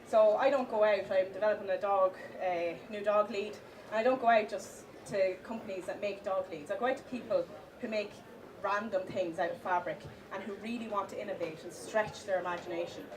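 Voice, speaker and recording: A woman giving a live conference talk, with many fillers and restarts, stressing the points of a list slowly. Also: medium pitch, steady tone, a crowd in the background. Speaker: conference speaker. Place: conference hall with audience. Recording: distant mic, audience in hall.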